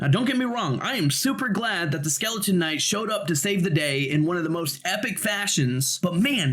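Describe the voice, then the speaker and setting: A man giving a casual, emotional manga review on video, rambling with animated outbursts. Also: high-pitched, moderate pace, few pauses.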